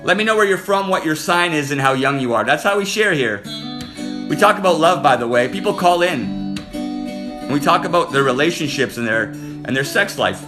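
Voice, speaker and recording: Man live-streamer, slightly high voice, flirty and teasing, clear guitar music behind. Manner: flirty, teasing, rapid-fire comments to viewers. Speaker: livestream host. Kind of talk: casual live-stream chat with viewers. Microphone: phone.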